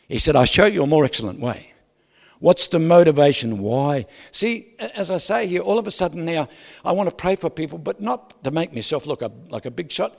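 A male pastor preaching a lively sermon, asking the congregation questions and swinging from loud to soft. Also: on the high side. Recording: reverberant hall.

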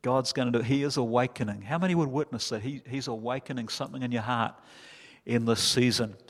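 Impassioned New pastor in a reverberant hall. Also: male voice, mid-range voice, fast talker. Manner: impassioned preaching, builds to loud climaxes. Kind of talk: sermon. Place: church hall.

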